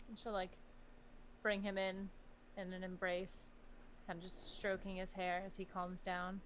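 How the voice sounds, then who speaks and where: A woman's voice: mid-range voice, a little slow, long pauses, background noise. A woman playing a tabletop role-playing game, describing her character's actions and slipping into her voice. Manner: animated, squeals and soothing hushes in character. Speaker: player.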